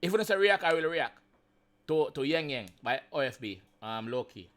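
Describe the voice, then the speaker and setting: High, bright Jamaican man reacting. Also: lively intonation, moderate pace, slight background noise. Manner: chatty, mixes in patois, chuckles often. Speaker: reaction video host. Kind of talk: casual reaction commentary.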